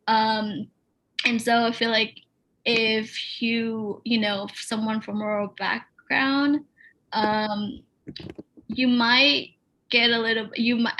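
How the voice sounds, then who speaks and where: A woman's voice: medium pitch, bright, forceful tone, poor audio. A woman from North Carolina, speaking hesitantly as a panelist in a discussion. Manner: hesitant, many fillers and restarts.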